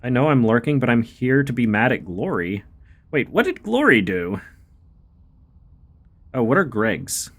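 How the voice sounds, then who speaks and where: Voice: medium pitch, sing-song, moderate pace, husky. A streamer playing a game live, reading its dialogue aloud and chatting with viewers between lines. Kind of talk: casual live game commentary.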